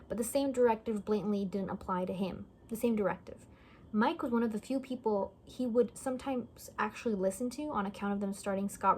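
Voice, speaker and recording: A woman's voice: mid-range voice, slight background noise. A woman reading a novel aloud in a casual way, often stumbling over words and correcting herself. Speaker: reader.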